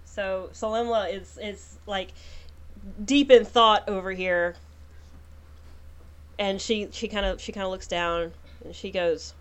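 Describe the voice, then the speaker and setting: A woman's voice: mid-range voice, steady tone, slow pace, pauses often, clear, resonant tone. A woman narrating as game master of a tabletop game, casual and slangy.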